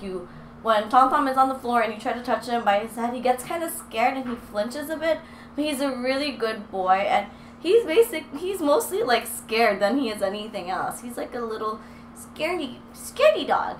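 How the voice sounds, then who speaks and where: A young woman talking casually to camera in her apartment, chatty and bubbly, sometimes short of breath from holding a heavy dog. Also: a little high. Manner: chatty and bubbly, baby talk to her dogs. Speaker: vlogger. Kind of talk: casual vlog talk to camera. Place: apartment room, indoors. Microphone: handheld mic, then set down away from her. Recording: echoey room with faint noise.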